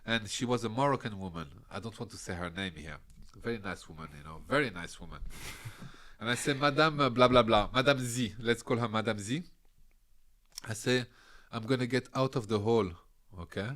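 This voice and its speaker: A man's voice: moderate pace, a bit bright. French-accented man telling a rowdy story. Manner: laughs often while telling the story, swears freely; acts out other people's lines in a higher voice. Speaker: podcast guest. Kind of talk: animated storytelling.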